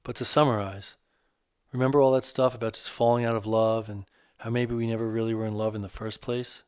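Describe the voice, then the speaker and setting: A man's voice: medium pitch, little pitch movement, clean tone, no room sound, clean studio sound, lightly acted. A man as a hurting divorced man opening up. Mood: earnest, hurt. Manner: earnest, halting, casual. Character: divorced man, hurt and searching, candid.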